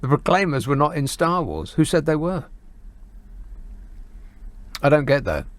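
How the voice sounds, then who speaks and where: A sardonic man hosts a radio phone-in and fires quick, dry retorts at listener messages. His voice sits a touch high. The studio sound is close and dry, with no room echo. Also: big pitch swings.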